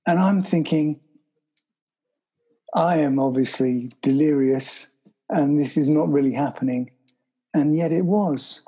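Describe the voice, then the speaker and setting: A middle-aged man, telling a story as an interview guest, often halting and restarting his sentences. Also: a little high, mellow, breathy edge, rough recording. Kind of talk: storytelling in conversation.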